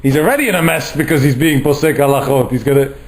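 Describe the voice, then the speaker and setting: Man, rabbi, Torah lecture, animated storytelling, Hebrew terms mixed in, mid-range voice. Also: mid-range voice, fast talker, poor audio.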